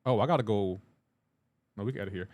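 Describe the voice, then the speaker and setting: A man's voice: fairly low pitch, fast talker, a little mellow. A man streaming a game live, chatting casually, reading and answering chat aloud in a joking, teasing way.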